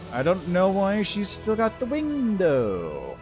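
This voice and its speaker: A man's voice: sits high, wildly swooping pitch, slow, over music. A man streaming a game live, making joking, self-mocking asides between dialogue lines. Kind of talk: casual live-stream commentary.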